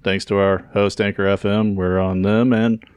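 A man hosting a casual podcast, laid back and quick to crack jokes and laugh. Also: on the low side, flat delivery, darkish tone, clean tone, no room sound, lo-fi sound. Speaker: podcast host. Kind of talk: casual chat.

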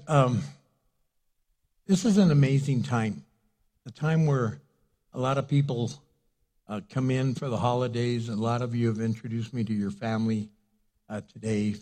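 A man's voice: on the low side, mellow. An older man preaching a sermon as pastor, telling stories in a chatty way and laughing at his own jokes.

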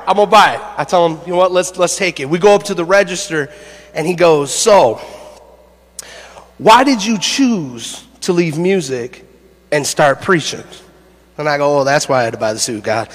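A man preaching a sermon, an animated storyteller who laughs through his stories and builds to shouted preaching. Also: sits high, big-room sound. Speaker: pastor. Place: church sanctuary.

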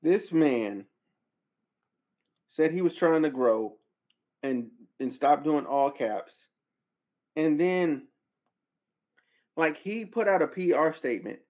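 Animated slangy man ranting casually. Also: on the high side, slow pace, pauses often, muffled recording. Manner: animated, incredulous outbursts, slangy. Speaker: podcast host. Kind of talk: casual commentary.

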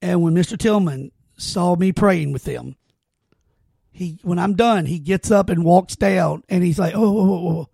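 Gravelly high-voiced man telling stories. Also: unhurried, warm tone, dry recording, studio quality. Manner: earnest rambling storyteller, many restarts. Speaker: podcast host. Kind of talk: casual heartfelt conversation.

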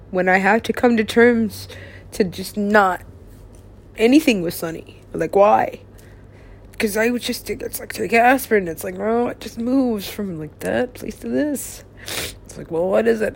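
A woman in a drifting, confessional monologue, halting and restarting, who drops into soft whispers and then rises into louder bursts. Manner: drifting, halting, swings between low mumbles and sudden louder bursts.

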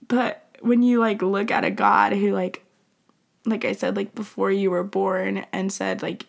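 A woman's voice: medium pitch, fairly even intonation, moderate pace, creaky. A young woman giving a heartfelt faith talk to listeners, emotional and often dropping into a whisper, with many "like" fillers. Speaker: faith speaker.

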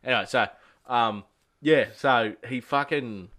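A man's voice: medium pitch, a little slow, fairly bright tone. A young Australian man, a podcast co-host, telling crude work stories in a casual chat and acting out the people in them. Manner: swears a lot, acts out quotes.

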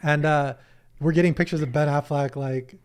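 Soft-spoken man telling a story. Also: fairly high pitch, steady tone, normal speed, smooth. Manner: hesitant, many fillers and restarts, soft-spoken. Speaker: podcast guest. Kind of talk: casual storytelling.

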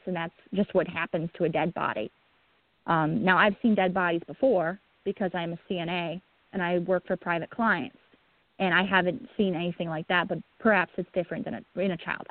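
A woman, a guest on the show, telling a painful personal account in a halting way, with many restarts and a breaking voice. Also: mid-range voice, dry recording. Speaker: guest, bereaved mother. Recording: tinny phone line.

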